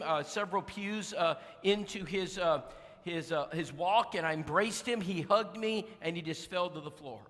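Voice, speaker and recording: Bright high-voiced man preaching in a hall. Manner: folksy, with many fillers and restarts; acts out voices in his stories. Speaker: guest preacher. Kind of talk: storytelling sermon. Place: church auditorium.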